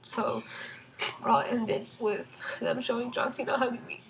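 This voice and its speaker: A young woman telling a storytime vlog from home in a casual, excited way, rambling with lots of fillers and restarts. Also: fairly high pitch, a little slow, gravelly, poor audio. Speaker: vlogger.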